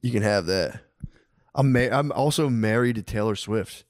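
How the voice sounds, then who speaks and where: A man in his thirties co-hosting a podcast in casual chat, laid-back, profane and joking, often slipping into quick put-on voices. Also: lowish voice. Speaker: podcast co-host.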